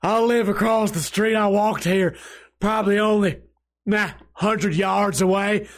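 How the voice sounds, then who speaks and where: A man's voice: high-pitched, fairly even intonation, unhurried. A man voicing a drunk old country man with a drawling, slurred way of speaking. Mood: tipsy pleading. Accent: American country. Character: drunk old male country pool shark, cheerful and sloppy.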